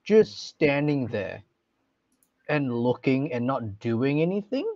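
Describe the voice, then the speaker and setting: A man's voice: medium pitch, very animated, slow, darkish tone, no room sound. A man co-hosting a casual podcast chat about ghost stories, thoughtful and hedging. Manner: thoughtful, hedging with many likes. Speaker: podcast co-host. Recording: dry, dull lo-fi sound.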